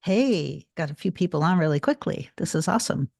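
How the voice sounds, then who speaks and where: A woman's voice: low-pitched, expressive, brisk, gravelly, a little mellow, dry recording, clean studio sound. A tired woman talking casually to viewers on a livestream, greeting them by name and repeating phrases. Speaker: manifestation coach hosting a livestream.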